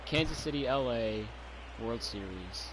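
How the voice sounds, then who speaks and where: A young man streaming a baseball video game, chatting casually and rambling excitedly as a sports fan, with the odd swear word. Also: mid-range voice, measured pace, background noise. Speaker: gaming streamer. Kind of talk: casual chat over gameplay.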